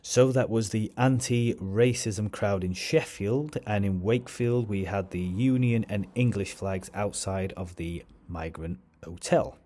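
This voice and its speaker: Deep, dark-voiced male narrator. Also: measured pace, few pauses. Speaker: channel host narrating. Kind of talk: voice-over outro.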